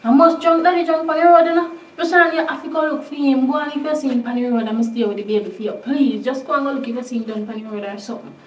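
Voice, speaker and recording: A woman's voice: high-pitched, steady tone, quick pace, few pauses, a little hiss or hum, natural voice. An actress with a Jamaican accent playing an adult daughter who scolds and pleads with her broke father. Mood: frantic. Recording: roomy, distant camera mic.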